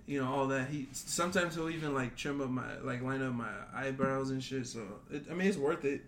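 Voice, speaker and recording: A man's voice: mid-range voice, a bit bright. Young male podcast sidekick, easygoing banter. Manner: laid-back, quick agreeing interjections. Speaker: podcast co-host. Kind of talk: casual chat.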